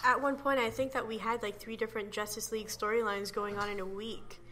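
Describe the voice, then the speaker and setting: A woman's voice: fairly high pitch, flat delivery, fast, fairly bright tone. A woman hosting a casual podcast chat, bantering and steering the talk.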